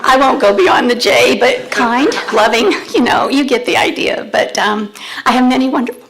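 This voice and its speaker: A woman's voice: fairly high pitch, normal speed, creaky, rough recording. Older woman giving an emotional farewell. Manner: emotional, warm, self-deprecating. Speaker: retiring staff member giving thanks. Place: board meeting room with audience.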